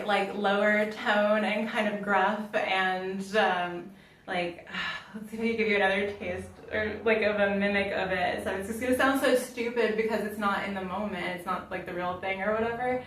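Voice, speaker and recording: A woman's voice: medium pitch, fairly bright tone. Rambling, laughing woman in an echoey room. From Florida, United States. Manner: rambling, swears casually, laughs often. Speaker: vlogger. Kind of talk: casual rambling chat. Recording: echoey room, mic at a distance.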